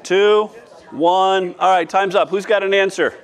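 A man's voice: sits high, fairly even intonation, measured pace, vocal fry. A man leading a Bible study class, talking loosely with frequent fillers and restarts as he draws answers from the group. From former math teacher. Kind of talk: leading a church group discussion.

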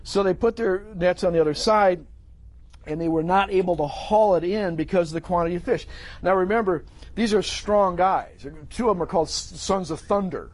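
A man's voice: high-pitched, normal speed. A middle-aged man preaching a sermon in a conversational way, acting out the voices of people in the story. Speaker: pastor.

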